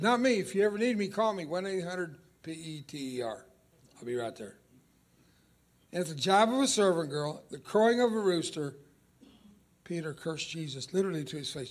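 An older man whose first language is Spanish, preaching an emphatic sermon with dramatic pauses and stretched key words. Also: a little high.

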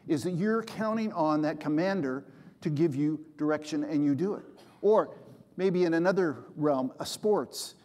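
A man's voice: on the high side, darkish tone, big-room sound. A man in his seventies, a pastor preaching a sermon and acting out the voices in his stories. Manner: storytelling preacher, acts out quoted voices.

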